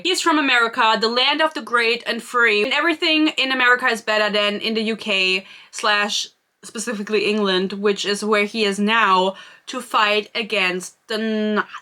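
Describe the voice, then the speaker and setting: A woman's voice: on the high side, normal speed, bright, forceful tone. A woman from Germany, giving a casual, sarcastic book review full of chatty asides.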